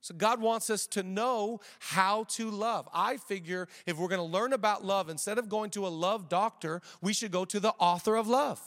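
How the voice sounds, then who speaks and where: A man in his thirties preaching a sermon as a pastor, energetic, slowing down to stress key lines and tossing in joking asides. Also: high voice, big-room sound. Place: church auditorium.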